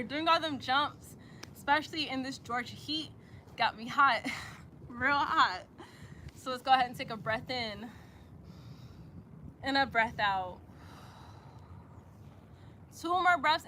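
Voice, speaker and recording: A woman's voice: high-pitched, sharp tone, a little hiss or hum. A woman guiding an outdoor yoga practice, chatty and encouraging, calling her listeners y'all. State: out of breath at times. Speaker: yoga instructor. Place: outdoors in the sun.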